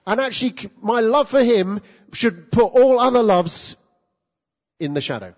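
Animated preacher in a reverberant hall. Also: male voice, sits high, moderate pace, dull audio. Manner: animated, talks to the congregation with rhetorical questions. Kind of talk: sermon.

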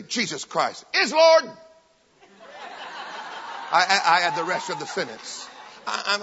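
A man preaching a sermon with fervent, emphatic delivery, loud bursts and joking asides. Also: a little high, slightly rough. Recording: long hall reverb, dull lo-fi sound.

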